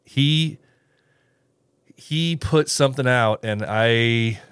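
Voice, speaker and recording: A man's voice: medium pitch, very slow, a bit bright, clear, resonant tone, dry recording. A man hosting a casual solo podcast, rambling with restarts and little chuckles as he reads live comments. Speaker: podcast host.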